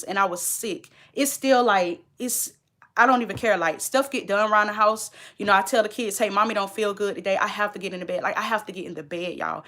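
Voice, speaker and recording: A woman's voice: mid-range voice, pushed and bright. A woman, a nurse chatting casually and emphatically to her viewers in a vlog update. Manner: chatty, emphatic, talks straight to viewers as y'all; moves about while talking. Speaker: nurse and vlogger.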